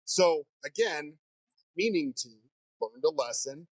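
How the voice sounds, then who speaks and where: A man who teaches fire training, telling stories in a casual interview in a lively way. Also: a little high, slow pace, husky, no room sound, poor audio. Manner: animated storyteller.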